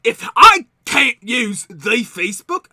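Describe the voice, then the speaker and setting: A scheming old merchant, put on by a man, with a high, gravelly voice that leaps around wildly in pitch. He rambles, lurching from loud outbursts down to low muttering. His tone is bright and edgy, and the recording is dry and close. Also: sing-song, slow, no room sound, heavily acted. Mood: excited. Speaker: guest. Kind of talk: improvised comedy character interview.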